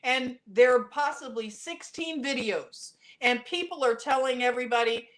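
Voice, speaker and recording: A woman with a somewhat high voice chats casually as a podcast co-host. She tells stories animatedly and slips into other people's voices as she goes. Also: normal speed, few pauses. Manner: animated storytelling, acting out other people's reactions. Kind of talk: casual conversational podcast chat.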